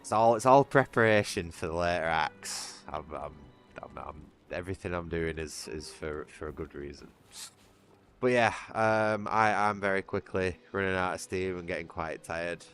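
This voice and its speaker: A man's voice: low voice, moderate pace, a bit bright, smooth, faint music behind. A British man chatting casually on his gaming livestream, rambling with restarts and little chuckles. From Britain. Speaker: streamer.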